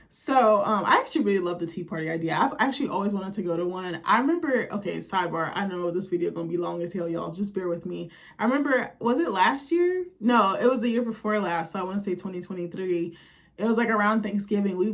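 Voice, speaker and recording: A young woman casually recapping a reality show, blunt and profane, acting out the quotes she retells. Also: mid-range voice.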